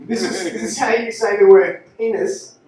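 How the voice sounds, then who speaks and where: A man's voice: high voice, fairly even intonation, moderate pace, darkish tone. A man doing brash, profane, teasing stand-up crowd work, recorded far off in an echoey live comedy venue. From Australia.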